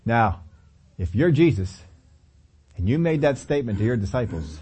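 A man's voice: medium pitch, sing-song, moderate pace, long pauses, dark tone, breathy edge. A man preaching a sermon in a conversational way, acting out lines of scripture dialogue as he tells the story.

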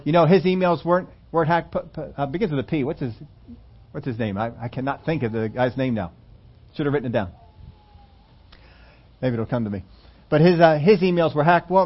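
A man's voice: a little high, muffled recording. A man preaching a sermon to his church, reading scripture aloud and breaking off into rambling asides. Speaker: pastor.

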